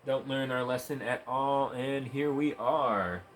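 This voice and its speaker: A man's voice: medium pitch, measured pace, a little hiss or hum. A man ranting in heated, profane, sarcastic commentary while gaming, with bursts of laughter. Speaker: gaming streamer. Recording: roomy echo, faint ambience.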